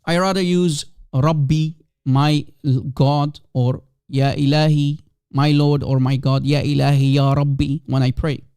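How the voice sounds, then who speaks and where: A man's voice: a little high, little pitch movement, measured pace, a little mellow, smooth, no echo, studio quality. A man whose first language is Aramaic hosts a live call-in stream, talking emphatically and repeating rhetorical questions to his audience.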